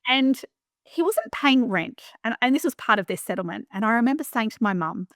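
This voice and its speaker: A middle-aged woman from Western Australia with an Australian accent, a property manager chatting as a podcast guest, animated and full of fillers and restarts. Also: on the high side, brisk, no echo, studio quality. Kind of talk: casual interview storytelling.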